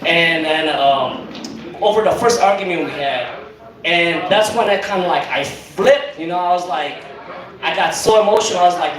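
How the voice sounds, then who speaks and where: A man's voice: high-pitched, fairly quick. A young man doing a rambling, profane stand-up set on a comedy club stage. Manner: rambling, profane, lots of fillers. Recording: echoey club, mic from far off, crowd. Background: audience laughing.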